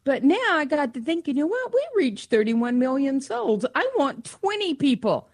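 A woman's voice: high voice, sing-song, normal speed, dry recording, clean studio sound. A woman co-hosting a radio fundraiser, playful and teasing, enthusiastically urging listeners to give. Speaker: radio co-host. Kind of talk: radio pledge drive appeal.

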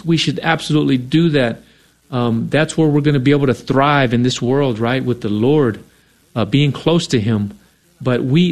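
A man co-hosting a radio fundraiser, coaxing listeners to give in an earnest, persuasive way and often adding "right?". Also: mid-range voice. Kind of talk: on-air fundraising appeal.

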